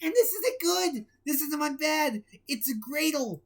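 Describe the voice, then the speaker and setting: A woman's voice: sits high, lively intonation, a little slow, pitched above the performer's own voice. A woman voicing a frantic, nervous young cartoon sponge who has turned into a burger. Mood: panicked.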